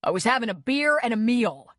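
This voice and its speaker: A woman narrator voicing an angry young male cowboy with a split lip, shouting and defensive. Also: fairly high pitch, big pitch swings, fairly quick, no echo, clean studio sound, voice pushed up.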